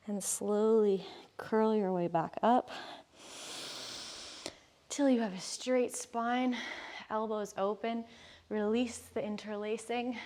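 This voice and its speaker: A woman yoga instructor calmly cueing breaths and poses through a guided class. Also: mid-range voice.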